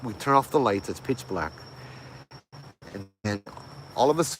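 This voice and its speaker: A man tells a ghost story in a casual, laid-back way, full of slang and fillers. His voice sits a little low. Faint crickets and insects chirp behind him. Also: animated, a little slow, slight background noise. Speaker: host telling a ghost story.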